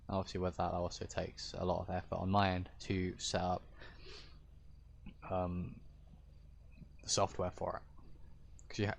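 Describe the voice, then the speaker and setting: Speaking casually to his stream viewers, a roleplay streamer with a fairly low, deep-ish voice explains things in a rambling, hesitant manner. He keeps stopping and restarting his thoughts, and a faint hiss runs beneath his voice.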